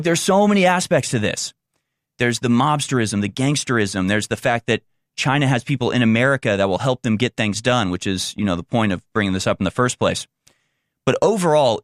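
Animated man commenting, dry sound. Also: mid-range voice, dry recording. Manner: animated, rambling, incredulous. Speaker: political commentator. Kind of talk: casual commentary over video clips.

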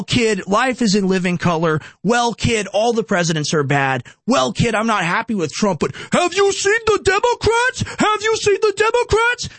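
A man's voice: a little high, no echo. A young man hosting political commentary, emphatic and ranting, firing off repeated rhetorical questions.

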